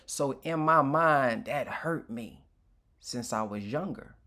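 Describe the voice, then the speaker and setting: A man's voice: medium pitch, takes it slowly, bright, forceful tone. A man giving an informal, emotional personal testimony as a motivational speaker, candid and reflective, often restarting his sentences.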